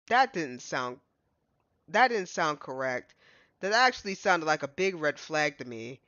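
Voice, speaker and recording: Streamer going off on a game, pitch all over the place, kinda lo-fi, game music under it. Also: pushed and bright, no echo. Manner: exasperated, joking. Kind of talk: let's play commentary and reading aloud.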